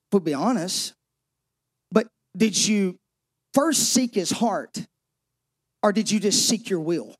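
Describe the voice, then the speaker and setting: A man pastor preaching a sermon, emphatic, shifting between driving exhortation and hushed, intimate passages. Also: sits high, expressive, slow, long pauses.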